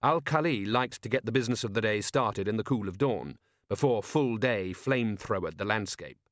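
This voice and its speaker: A man narrating an audiobook in a measured manner. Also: on the low side, expressive, a bit bright, dry recording, studio quality.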